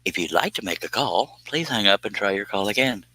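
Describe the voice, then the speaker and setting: A man mimicking a formal phone operator's recorded message in a flat, low delivery. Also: a little fast, a little hiss or hum, poor audio.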